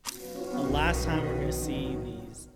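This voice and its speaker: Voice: medium pitch, takes it slowly, loud music behind the voice. A podcast co-host chatting casually during a watch-along, joking and rambling with lots of fillers.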